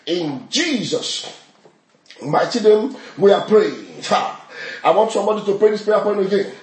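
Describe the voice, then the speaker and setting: Male pastor, very high and animated, chanting declarations in a roomy church. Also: moderate pace. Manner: shouts repeated declarations, bursts into tongues. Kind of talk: fervent prayer session. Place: church service. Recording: roomy echoey hall.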